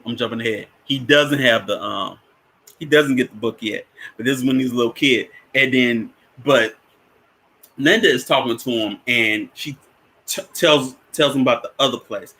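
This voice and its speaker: Man, casual film talk, bright, chuckles, restarts a lot, mid pitch. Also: husky. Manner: rambling with many restarts, chuckles often. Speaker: spiritual teacher discussing a film.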